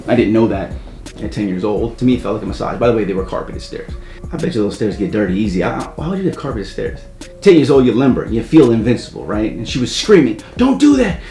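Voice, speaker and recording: A man casually telling a story from his own life, rambling with wry asides and loudly acting out the voices of the people in it. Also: on the low side, lively intonation, quick pace. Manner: rambling, wry asides, loud acted quotes. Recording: echoey room, faint music.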